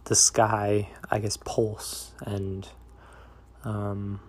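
Low, flat-voiced young man musing. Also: very slow. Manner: reflective, meandering, soft-spoken. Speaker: vlogger. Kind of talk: confessional diary vlog.

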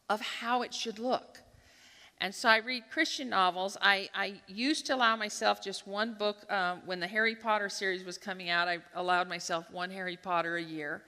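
Bright-voiced woman telling a devotional story. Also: medium pitch. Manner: lively storytelling, acting out her own thoughts. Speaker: speaker at a church gathering. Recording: long hall reverb.

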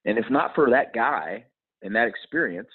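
Husky man on a tinny line. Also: mid-range voice, lively intonation, moderate pace. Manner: earnest, reflective, with many restarts. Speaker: guest. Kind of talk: personal storytelling in an interview.

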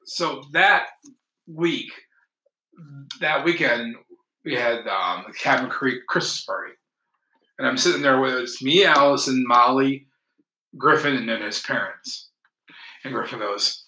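Name: podcast host. Sex: man. Style: casual storytelling chat, animated and laughing. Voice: bright. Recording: echoey room. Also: mid-range voice, measured pace, long pauses. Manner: animated, laughing, acts out quotes.

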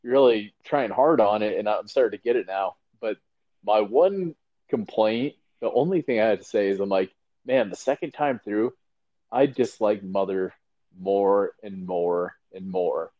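A man's voice: on the low side, measured pace, lo-fi sound. A man co-hosting a casual chat, rambling with many fillers and acting out quotes. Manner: rambling, lots of fillers and acted-out quotes, laughing. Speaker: podcast co-host.

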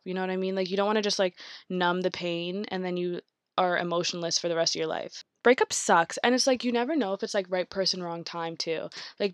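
A woman's voice: medium pitch, dry recording, clean studio sound. A young woman talking casually to her viewers, rambling with many fillers and acting out inner thoughts. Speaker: vlogger.

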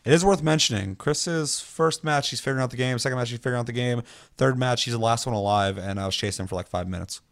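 Young male streamer, casual storyteller, foul-mouthed and animated, mid-range pitch. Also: fast. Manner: animated, swears a lot, acts out other players' lines. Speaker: streamer telling a gaming story.

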